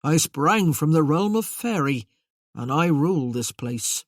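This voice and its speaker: Give me a proud, grandiose squatter who calls himself a wizard voiced by an audiobook narrator. He speaks a touch higher and louder than the narration, in a rough, terse way, as if claiming the whole place belongs to him. The recording is very dry, with almost no room sound. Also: moderate pace, dry recording, close to an everyday voice. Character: gruff squatter claiming to be Merlin, a man.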